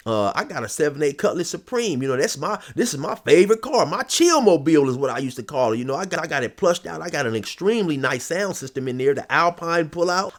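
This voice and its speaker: A man telling a story in a casual, rambling, profane way, full of "you know" and "or whatever". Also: mid-range voice.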